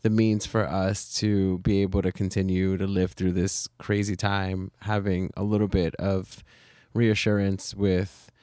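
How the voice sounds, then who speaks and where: A man's voice: fairly low pitch, dark tone, clear, resonant tone, no echo, clean studio sound. A man co-hosting a podcast, talking in an earnest, reflective way. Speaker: podcast co-host. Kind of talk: casual chat.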